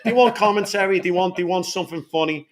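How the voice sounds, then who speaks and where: A man's voice: sits high, crowd noise. A man in casual conversation, talking emphatically and repeating his points. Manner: quick, emphatic, repeats himself. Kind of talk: casual chat.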